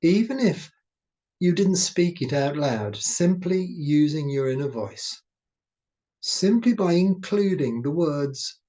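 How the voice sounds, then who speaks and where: Slow, mellow-voiced male meditation guide. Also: a little high, animated. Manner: slow, gentle, soothing delivery. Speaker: meditation teacher.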